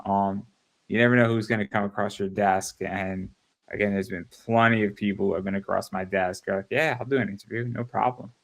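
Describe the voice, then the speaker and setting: A man's voice: on the low side, fairly even intonation, a little fast, vocal fry. A man in his thirties hosting an interview show, chatting loosely with many fillers and restarts. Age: 30s. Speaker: podcast host. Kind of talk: casual interview chat.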